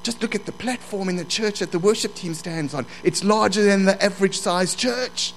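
A man's voice: high voice, sing-song, normal speed, a little hiss or hum, poor audio. A man preaching a sermon, telling a personal story and quoting scripture emphatically.

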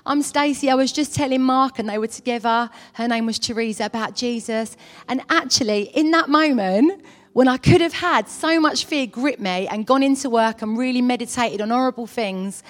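A woman giving a chatty, earnest personal testimony in church, with many fillers. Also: on the high side. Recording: long hall reverb.

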